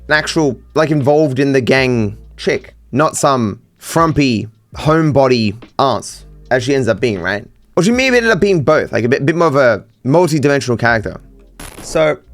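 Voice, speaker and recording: A young Australian man, a YouTuber, rambling casually on his own with lots of fillers and restarts. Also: mid-range voice.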